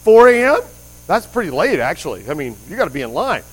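A man's voice: high-pitched, sing-song, quick pace, rough recording. A man preaching a conversational sermon, rambling with asides and quizzing the congregation with questions. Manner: rambling with frequent restarts and asides.

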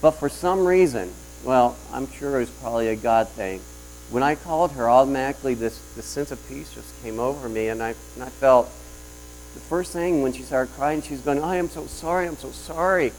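A man's voice: medium pitch, moderate pace, a little mellow, slight background noise, poor audio. A man delivering a sermon in a conversational storytelling way, telling a personal story with frequent restarts. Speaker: preacher.

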